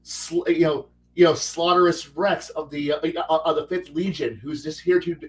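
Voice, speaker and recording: Rambling, animated man on a gaming panel. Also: fairly high pitch, moderate pace, distant mic, a little hiss or hum, rough recording. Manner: rambling, animated, many restarts. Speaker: panel guest. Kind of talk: casual panel chat.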